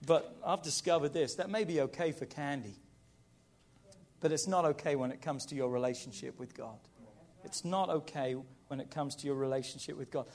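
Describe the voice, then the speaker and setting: A middle-aged man preaching a sermon in a lively, conversational way, with playful asides. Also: fairly high pitch. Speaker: pastor.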